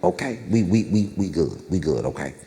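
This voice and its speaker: Brash, swaggering, profane middle-aged father, as a male comic plays him; low voice, long stage reverb. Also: animated, normal speed. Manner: loud, cussing, slangy, swaggering.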